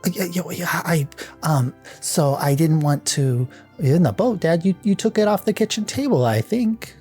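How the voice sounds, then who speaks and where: Worried little girl with a high, stammering voice, as a man puts her on at a tabletop game. She trips over her words and keeps restarting. Faint music plays underneath. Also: lively intonation, darkish tone, husky. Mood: flustered. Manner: higher pitched, halting and stammering.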